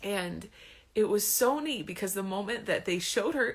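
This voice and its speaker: A woman's voice: a little high, lively intonation, normal speed, breathy edge. A woman in her thirties candidly telling a personal story to camera, chatty and emotional, laughing between sentences. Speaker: vlogger.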